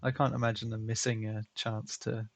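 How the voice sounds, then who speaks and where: A man's voice: on the low side, flat delivery, moderate pace, creaky, no echo. A man hosting a drawing stream, chatting casually and joking. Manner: chatty, joking, laughs often. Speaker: stream host.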